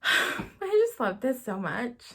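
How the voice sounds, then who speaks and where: Casting note: woman book vlogger, slightly high, bright voice, bubbly, giggly, rambling review chat. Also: very animated, slow pace, vocal fry, breathy edge. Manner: bubbly, laughs often, gushes and rambles.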